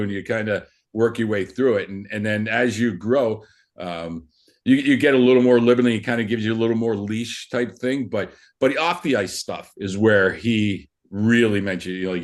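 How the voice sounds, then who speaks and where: A man's voice: lowish voice, normal speed. A middle-aged man telling stories as a podcast guest, rambling casually with lots of restarts and fillers. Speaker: podcast guest, former hockey player. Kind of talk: casual storytelling.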